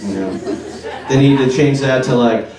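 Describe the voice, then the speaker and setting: A young man doing a stand-up set at a bar, talking deadpan and halting with lots of fillers, on a handheld mic with the crowd laughing. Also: medium pitch. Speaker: stand-up comedian. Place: bar with a live audience. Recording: echoey bar room from far off. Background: audience laughter.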